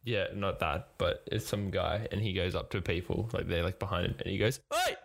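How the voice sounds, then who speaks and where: Jokey young Aussie guy, lowish voice. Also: fairly even intonation, a little fast, gravelly. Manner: jokey, laughs often. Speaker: podcast co-host. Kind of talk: casual chat.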